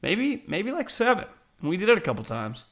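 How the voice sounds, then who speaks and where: A high-pitched, slightly fast-talking man in his thirties, once a pro defensive lineman and from Northern California, hosts casual sports talk. He's blunt and animated, with lots of cursing.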